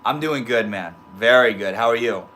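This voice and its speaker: Laid-back young man, bright voice. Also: mid-range voice, normal speed. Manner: reads chat comments aloud, swings between soft murmurs and loud excited outbursts; swears casually, laid-back stoner slang. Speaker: livestream host reading chat. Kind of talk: casual livestream chat.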